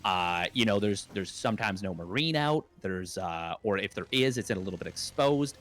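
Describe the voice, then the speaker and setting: This esports caster is a young adult man with a lowish, slightly bright voice and lively intonation, talking at a normal speed. His play-by-play is casual and rambling, full of jokes and fillers.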